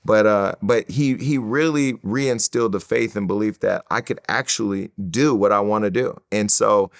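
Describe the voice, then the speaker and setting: A middle-aged man, a guest in an interview, telling stories in an animated way, cursing freely and acting out other people's lines. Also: lowish voice, normal speed, creaky, no echo, studio quality. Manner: animated storyteller, swears freely, acts out quoted voices. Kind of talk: storytelling in an interview.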